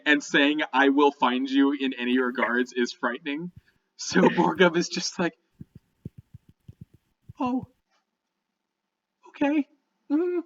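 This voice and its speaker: Male game master, fairly high voice, chatty narration, lo-fi mic. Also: fairly bright tone. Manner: chatty, laughs often, quick asides.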